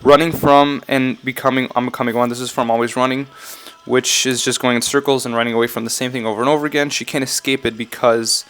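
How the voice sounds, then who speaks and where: Man, casual vlog commentary, mid-pitched voice, rambling, self-correcting, hesitant. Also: level tone, fast, few pauses, fairly bright tone. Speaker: YouTuber analyzing game song lyrics.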